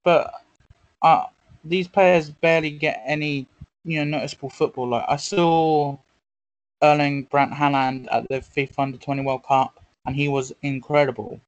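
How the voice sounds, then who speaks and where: A man's voice: fairly high pitch, fairly even intonation, normal speed, no echo, lo-fi sound. A man, co-hosting a casual football podcast, talking in a blunt, sceptical way. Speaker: podcast co-host.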